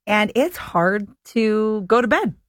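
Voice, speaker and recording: A woman's voice: mid-range voice, expressive, no room sound, studio quality. Joking woman radio host. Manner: joking, quick asides. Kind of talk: casual radio chat.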